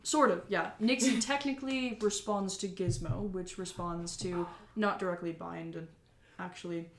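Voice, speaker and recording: A woman's voice: lowish voice, moderate pace, echoey room, slight background noise, close to an everyday voice. A woman voicing a cheerful, talkative male mayor and company boss in a tabletop game, rambling with fillers. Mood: upbeat. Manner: chatty, upbeat, rambling with fillers.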